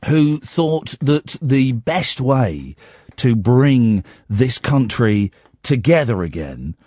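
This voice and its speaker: A man's voice: lowish voice, a little mellow, no room sound, clean studio sound. A middle-aged man, a late-night radio host telling rambling family stories and acting out the dialogue. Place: radio studio.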